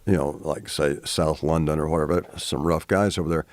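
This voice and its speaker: A man's voice: extremely low pitch, steady tone, brisk, a little mellow, dry recording. A man with a Southern American accent, telling meandering stories as a guest in a casual conversation. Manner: meandering, anecdotal storyteller.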